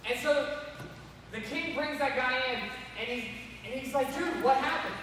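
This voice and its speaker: An energetic man tells a Bible story to kids, acting out the characters and calling them by name. His voice is high and bright. It rings through a large echoey hall and is picked up from far away. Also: measured pace, slight background noise. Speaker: youth pastor. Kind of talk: animated Bible lesson for kids.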